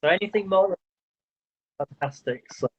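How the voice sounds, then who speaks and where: A man's voice: high-pitched, unhurried, over a noisy crowd. A man hosting a livestream quiz, chatty and stumbling over words as he counts up scores. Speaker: quiz host. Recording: dull lo-fi livestream audio.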